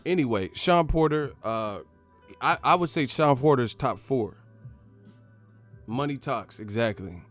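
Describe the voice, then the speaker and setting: A man's voice: mid-range voice, faint music behind. A man hosting a boxing channel, ranting profanely in a casual live stream. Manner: profane, animated, fast-talking.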